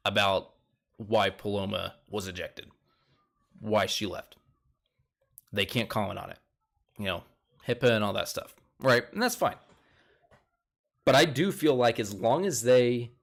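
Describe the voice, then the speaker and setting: A young man chatting casually as he recaps a TV episode, retelling events animatedly and jumping up in pitch when quoting people. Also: a bit bright. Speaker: show recap host.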